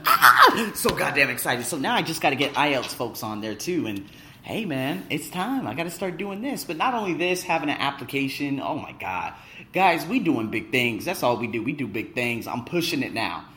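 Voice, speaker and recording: A man talking in a casual vlog monologue, excitable, boastful and full of swearing, as an English teacher vlogger. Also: medium pitch, a little fast, echoey room, slight background noise.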